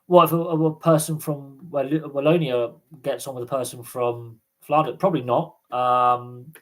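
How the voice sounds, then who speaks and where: A man's voice: medium pitch, flat delivery, unhurried, fairly bright tone. A man from Britain hosting a live sports Q&A stream, chatting casually and rambling with lots of ums and uhs. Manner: rambling, chatty, many fillers. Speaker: livestream host.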